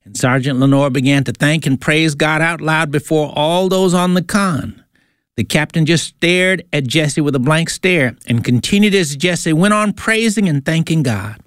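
An earnest man narrates a faith story, his voice sitting somewhat high. The sound is dry and close, with no room to it. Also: normal speed, a bit bright, dry recording. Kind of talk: told religious story.

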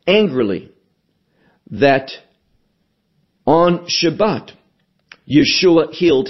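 Male pastor, husky voice, a bit high, unhurried sermon delivery; dull lo-fi recording. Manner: slow, emphatic preaching with repeated phrases.

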